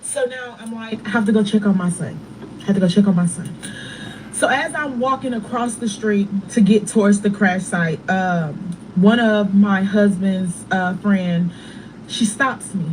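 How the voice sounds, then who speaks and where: A middle-aged woman telling a painful personal story in a soft, halting way, pausing and restarting often. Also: medium pitch, slight background noise, low-quality recording. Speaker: bereaved mother telling her story.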